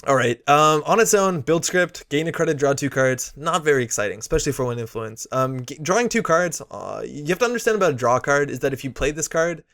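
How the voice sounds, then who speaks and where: A man's voice: on the high side, lively intonation, a little fast, few pauses, a bit bright. Chatty man reviewing game cards. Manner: chatty, opinionated, many fillers. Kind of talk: casual unboxing commentary.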